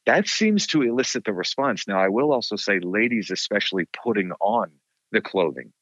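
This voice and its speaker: A low-voiced man tells ghost stories with lively, swinging delivery and a bright edge. The sound is dry and a bit dull, as if recorded on modest gear. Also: normal speed, no echo. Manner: animated storyteller, laughs often. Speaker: caretaker of a haunted site. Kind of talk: casual interview chat.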